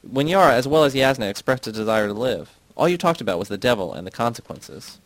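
A man's voice: mid-range voice, lively intonation, fast, no echo, natural voice. A man reading the part of an earnest, defensive young man who argues his point at length. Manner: earnest, argumentative explaining.

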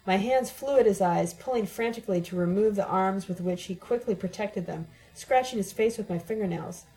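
A woman reads a first-person audiobook with a dramatic, emotionally charged delivery. Her voice is mellow and sits at a mid pitch. She gives every sentence strong feeling. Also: brisk, poor audio. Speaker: audiobook narrator.

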